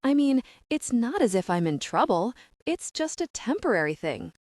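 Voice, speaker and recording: A woman's voice: fairly high pitch, big pitch swings, normal speed, darkish tone, no echo, studio quality. A woman voicing a flustered, chatty young woman short on cash, eager and breathless.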